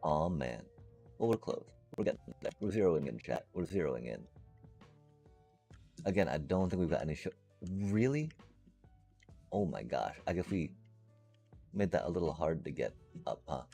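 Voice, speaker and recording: A man's voice: extremely low pitch, sing-song, moderate pace, gravelly, pauses often, warm tone, soft background music. A man streaming a game live, chatting casually and playfully to his viewers in a rambling way. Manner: rambling and playful, addresses chat.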